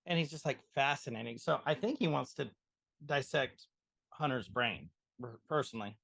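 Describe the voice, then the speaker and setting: A man co-hosting a podcast, chatting casually as he retells the scenes of an episode in an animated way. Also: mid-range voice, normal speed, vocal fry, slightly rough, no room sound, studio quality. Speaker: podcast co-host.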